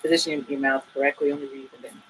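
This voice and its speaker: A woman teaching saxophone in a relaxed, chatty way, with many fillers and asides. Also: a bass voice, fast talker, a little hiss or hum, low-quality recording. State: a bit out of breath at times. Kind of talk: casual tutorial talk.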